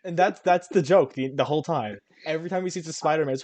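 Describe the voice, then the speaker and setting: A young man co-hosting a casual podcast with friends, telling stories in an animated way, laughing a lot and stumbling over his words. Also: on the high side, fast, dry recording. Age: young adult. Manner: animated storyteller who laughs often and trips over words. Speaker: podcast co-host. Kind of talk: casual chat.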